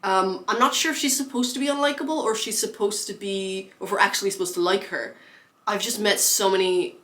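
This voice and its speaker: Young adult woman, book vlogger, casual and chatty, full of fillers and quick laughs. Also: medium pitch, fairly bright tone.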